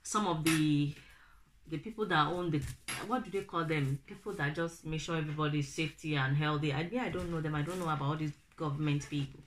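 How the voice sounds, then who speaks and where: A young Nigerian woman with a Nigerian accent, telling a family story to her viewers, animated and acting out the people she quotes. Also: sits low, quick pace, a little hiss or hum. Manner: animated, acts out quoted family members in raised voices. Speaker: vlogger. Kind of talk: casual storytelling to camera.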